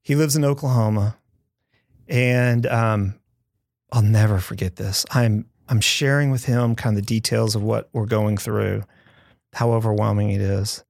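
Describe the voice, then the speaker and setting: A man's voice: fairly low pitch, fairly even intonation, a little slow, creaky, a little mellow, no echo, studio quality. A man who is a pastor, talking in a podcast conversation with earnest, heartfelt storytelling.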